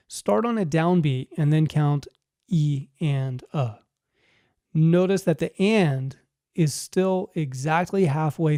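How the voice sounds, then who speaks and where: A man explains rhythm notation in a clear, measured teaching voice. His tone is mellow and sits a little high. The recording is dry and close, with no room sound. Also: no room sound. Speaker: music teacher. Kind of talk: scripted instructional narration.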